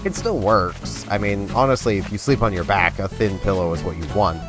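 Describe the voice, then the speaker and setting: A man casually rambling while commenting on his gameplay, his voice hoarse and not yet warmed up. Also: fairly low pitch, animated, a little fast. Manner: rambling, chatty, self-deprecating. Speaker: gaming video host. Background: game music.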